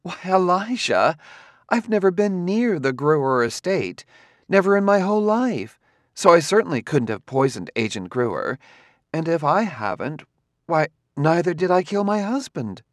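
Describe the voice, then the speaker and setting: A male audiobook reader voicing a distraught, fiery young woman in a high, indignant voice. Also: sing-song, a little slow, dry recording, clean studio sound. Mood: pleading. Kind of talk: audiobook character voice.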